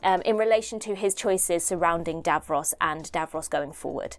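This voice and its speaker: A woman's voice: fairly low pitch, very animated, moderate pace, few pauses. A young woman from the United Kingdom hosting a casual video commentary, chatty and self-deprecating, thinking aloud as she talks. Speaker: host.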